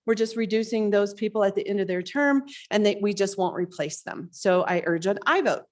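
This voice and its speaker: A woman's voice: medium pitch, fairly quick. A woman legislator out of breath, explaining a bill on the floor with hesitant fillers. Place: legislative chamber.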